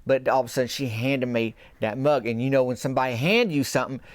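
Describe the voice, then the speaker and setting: Man, deadpan rambling storyteller, folksy, smooth clear voice, dry close sound. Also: mid-range voice, quick pace, no echo. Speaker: comedian storyteller.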